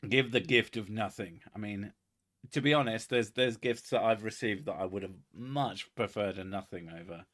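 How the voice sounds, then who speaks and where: A man's voice: on the low side, normal speed, fairly bright tone. A young man, hosting a casual comedy chat in a crude, sarcastic manner full of swearing. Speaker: podcast host.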